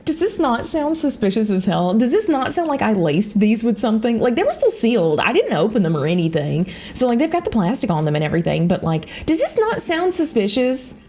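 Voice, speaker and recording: A woman's voice: fairly high pitch, a little fast, hardly any pauses. A young woman with a Southern US accent, rambling through casual stories while she plays a game, swearing freely. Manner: rambling, animated, swears freely, frequent laughter. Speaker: YouTuber. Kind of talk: casual storytelling chat.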